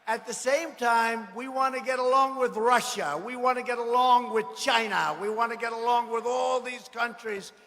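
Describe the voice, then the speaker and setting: Guy giving a rally speech, high bright voice, mocking and boastful, big echoey hall. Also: fairly even intonation, moderate pace, few pauses. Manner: boastful, mocking, repetitive, bursts into shouting. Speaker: political speaker at a rally. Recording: echoey hall with faint ambience.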